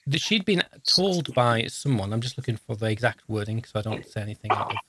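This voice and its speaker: A man's voice: lowish voice, expressive, a little fast, a bit bright, a little hiss or hum. A man in his fifties co-hosting a podcast, chatting casually in a jokey, rambling, self-deprecating way. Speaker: podcast co-host, social worker. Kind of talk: casual chat.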